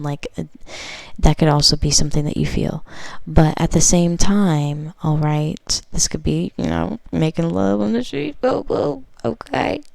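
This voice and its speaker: A woman's voice: sits low, vocal fry, darkish tone, dry recording, poor audio. A woman doing a casual pick-a-card tarot reading, reading card text aloud and chatting about it in a loose, filler-heavy way. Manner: chatty, lots of fillers, reads cards aloud then riffs.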